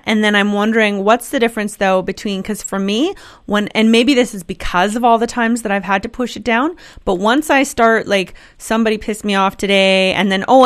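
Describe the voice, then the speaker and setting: A woman hosting an interview, asking questions in a conversational way and thinking aloud as she goes. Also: medium pitch. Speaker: interview host. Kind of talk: casual interview.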